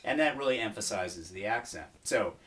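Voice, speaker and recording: Low mellow guy teaching drum accents, chill with lots of ums, mic kinda far off, drums going. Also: normal speed. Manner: relaxed explaining with fillers, counting beats aloud over drumming. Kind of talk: instructional video. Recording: distant mic, drumming behind. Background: taiko drum hits.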